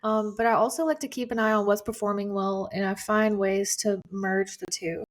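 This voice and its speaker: A woman at an ordinary middle pitch talks as a guest in a relaxed interview. Her speech is chatty and easygoing, loosely strung together with fillers. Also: moderate pace. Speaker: guest content creator. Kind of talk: casual interview chat.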